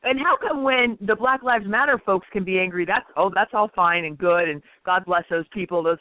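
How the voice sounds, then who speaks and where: A woman's voice: medium pitch, normal speed, no echo. A woman guest on talk radio who chats with plenty of fillers and turns indignant as she goes on. Her voice is dry and thin, and it sounds tinny, like it comes over a phone line. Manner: chatty, hesitant, with many fillers, then indignant. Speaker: radio guest and political writer. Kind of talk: conversational political talk.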